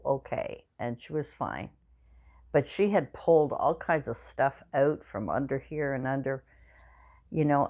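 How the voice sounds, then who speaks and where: Low-voiced woman, 60s, home vlogger; tired, yawning, rambling chatty delivery. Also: darkish tone. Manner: rambling, chatty storytelling with many fillers. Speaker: craft channel vlogger. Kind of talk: casual chat to viewers. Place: home craft room.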